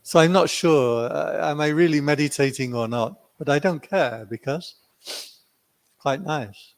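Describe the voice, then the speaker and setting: A man's voice: fairly high pitch, measured pace, gravelly. A man teaching meditation, telling a retreat story in a playful way and acting out the quotes. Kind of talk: dharma talk with a story.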